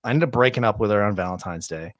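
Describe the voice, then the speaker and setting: A man's voice: lowish voice, racing, dry recording. Rambling man in his forties, dry sound. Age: 40s. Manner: rambling, animated storyteller. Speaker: podcast host. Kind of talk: casual storytelling chat.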